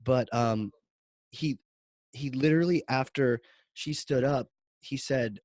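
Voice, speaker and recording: A man's voice: mid-range voice, slow, pauses often, no echo. A man hosting a marketing podcast, telling a story in a casual, rambling way full of "like" fillers. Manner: rambling, animated, many "like" fillers.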